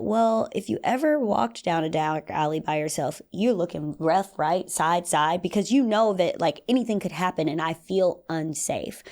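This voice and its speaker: Hosting her podcast alone, a young woman speaks in a fairly low register with an easygoing, animated energy. Every so often she switches into playful character voices to stage little moments.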